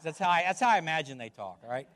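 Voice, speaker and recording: A man's voice: fairly high pitch, animated, rapid-fire, fairly bright tone. A man preaching a sermon as pastor, emphatic, repeating words and putting questions to the congregation.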